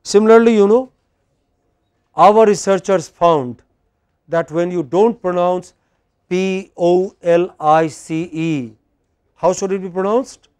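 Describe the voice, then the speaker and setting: A man's voice: high voice, slow pace, long pauses, a little mellow, clear, resonant tone, no echo. A middle-aged man with an Indian English accent, giving a classroom lecture on pronunciation and quizzing students as he drills words.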